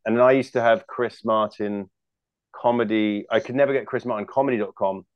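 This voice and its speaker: British comic guest, lowish voice, jokey rambling chat, dry dull lo-fi sound. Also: male voice, steady tone, brisk, dry recording. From United Kingdom. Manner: rambling, jokey, many restarts. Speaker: guest comedian. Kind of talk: casual chat.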